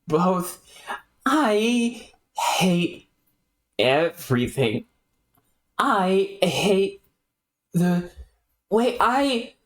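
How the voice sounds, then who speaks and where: A woman voicing a tormented, self-loathing fused creature that speaks haltingly and drags out its words. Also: fairly low pitch, voice pushed up, heavily acted. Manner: drawn-out, halting, bitter speech.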